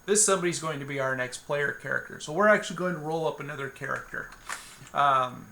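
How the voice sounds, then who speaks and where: A man's voice: fairly high pitch, fast, vocal fry, pushed and bright, a little hiss or hum. A man narrating a solo tabletop game, meandering with many fillers and restarts as he thinks aloud.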